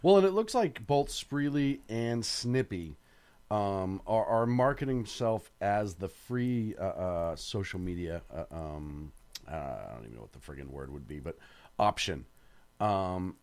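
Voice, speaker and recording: Halting, opinionated talk radio co-host. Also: male voice, deep voice, lively intonation, darkish tone, dry recording. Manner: halting, many fillers and restarts, opinionated. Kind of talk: casual talk radio discussion.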